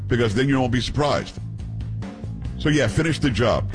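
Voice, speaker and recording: A man's voice: mid-range voice, very animated, moderate pace, long pauses, soft background music. A man hosting a political call-in radio show, talking emphatically and retelling stories with quoted voices. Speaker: radio talk show host.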